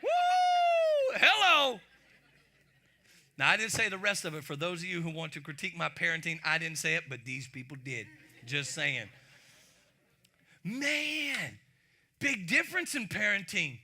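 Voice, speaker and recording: A man preaching a sermon in an animated, playful way, often asking the congregation questions. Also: fairly high pitch, normal speed. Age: young adult to middle-aged. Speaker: pastor. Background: music.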